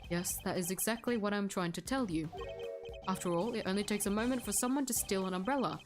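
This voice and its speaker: A woman voices a mild, evasive ice cream vendor, as she reads through a mystery game. The voice sits a little low and moves at a careful pace. Gentle music plays faintly behind. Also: fast talker, close to an everyday voice. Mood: polite. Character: soft-spoken male ice cream seller, polite and evasive.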